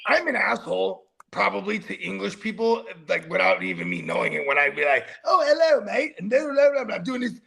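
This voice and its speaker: A man co-hosting a sports podcast in loud, joking casual chat. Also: sits high, wildly swooping pitch, fairly quick, vocal fry, few pauses, husky, poor audio. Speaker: podcast co-host.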